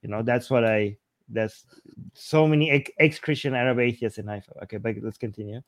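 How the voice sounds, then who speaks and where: A man's voice: medium pitch, fast, no echo. A man hosting a casual reaction chat, talking earnestly with frequent restarts. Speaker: host.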